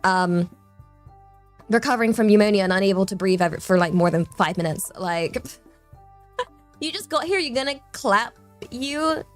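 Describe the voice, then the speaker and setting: A woman's voice: medium pitch, expressive, moderate pace, long pauses, faint music behind. A young woman from southern England with a southern English accent, chatting casually on a live stream in a bubbly, rambling way, repeating words as she talks.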